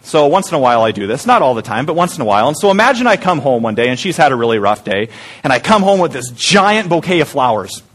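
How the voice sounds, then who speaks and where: A man's voice: medium pitch, big pitch swings, quick pace, fairly bright tone, husky. A man preaching a conversational sermon to a church group in small pods, often asking the room questions. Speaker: pastor.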